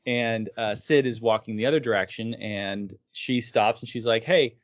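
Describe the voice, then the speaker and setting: A man co-hosting an anime podcast, retelling scenes with amused laughs and quick quoted lines. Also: fairly low pitch. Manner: animated storytelling, acts out scenes and laughs often. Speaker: podcast co-host. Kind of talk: casual chat about anime.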